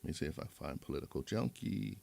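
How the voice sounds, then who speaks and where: A man's voice: low voice, lively intonation, quick pace, gravelly, warm tone. A man hosting a livestream, rambling and moralizing in a casual monologue with many restarts. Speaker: livestream host.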